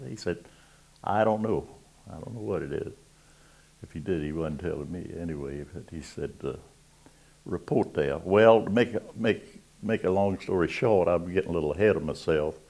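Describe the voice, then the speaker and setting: A man's voice: deep voice, normal speed, gravelly, a little mellow. A man around ninety from South Carolina with a Southern accent, telling old navy stories in a folksy, rambling way. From Georgetown, South Carolina. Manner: folksy, rambling, chuckling between tales. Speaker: WWII navy veteran interviewee. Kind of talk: oral history storytelling.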